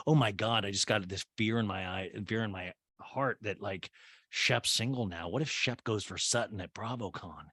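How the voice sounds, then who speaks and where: A man's voice: on the low side, normal speed, no echo, clean studio sound. A man hosting a podcast, recapping a reality TV episode in a casual, rambling way, swearing and joking as he goes. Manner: animated, rambling, swearing and laughing. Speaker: podcast host.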